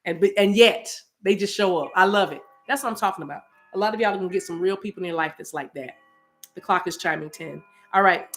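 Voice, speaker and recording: A woman's voice: on the low side, fast, faint music behind. A woman hosting her own livestream, signing off to her viewers in a rambling, affectionate way that repeats phrases. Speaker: channel host. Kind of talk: casual livestream sign-off.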